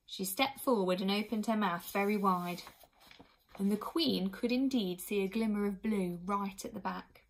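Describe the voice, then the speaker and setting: Woman storybook narrator, clear, expressive reading. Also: medium pitch, moderate pace. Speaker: audiobook reader.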